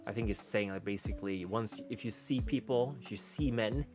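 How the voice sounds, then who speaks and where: A young man on a casual live stream, translating aloud in a halting way, full of restarts. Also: fairly low pitch. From Sweden. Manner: reads lines aloud in a rough gruff tone. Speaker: VTuber streamer. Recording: faint background music.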